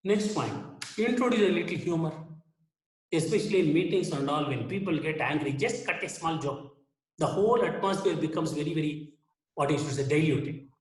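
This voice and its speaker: A man's voice: on the high side, normal speed. A man giving a conversational lecture in a webinar, explaining with everyday examples and acting out inner dialogue. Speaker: webinar speaker on anger management. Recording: roomy echo.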